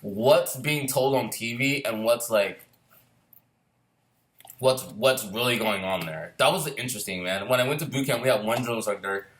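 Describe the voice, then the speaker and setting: A man's voice: mid-range voice, moderate pace, a bit bright. A middle-aged man, a screenwriter and former Marine, telling stories in casual chat, rambling and swearing freely, often restarting his sentences.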